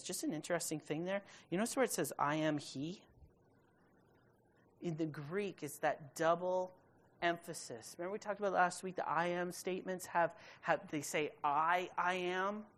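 Woman, Bible study teacher, fairly low voice, casual paraphrasing, emphatic slow stresses. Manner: reads scripture then paraphrases it in casual modern speech; emphatic, stretches key words slowly.

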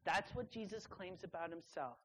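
A young woman delivers a sermon to a student group, stressing each key word and pausing for effect. Her delivery swings between quiet, low stretches and loud, rising bursts. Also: lively intonation, a little hiss or hum, low-quality recording. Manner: emphatic, drawn-out pauses on key words. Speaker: preacher at a student gathering.

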